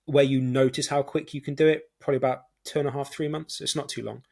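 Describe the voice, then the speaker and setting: A British man talking easily as a podcast guest, walking through his ideas with simple everyday examples. His pitch sits in an ordinary middle range for a man, and he sounds relaxed and chatty. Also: fast talker, gravelly. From United Kingdom. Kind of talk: casual conversational interview.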